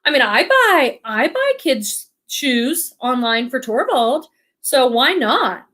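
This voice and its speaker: Upbeat high-voiced woman with slight Boston accent. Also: big pitch swings, slow, a bit bright. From Boston area. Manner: chatty, upbeat, reads viewer comments aloud. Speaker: livestream host. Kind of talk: casual livestream chat reading comments.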